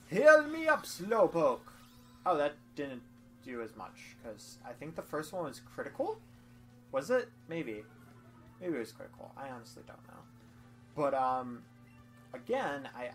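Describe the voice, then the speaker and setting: A young woman doing goofy, rambling let's-play commentary with frequent laughs, over faint game music. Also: rumbling low. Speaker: game streamer.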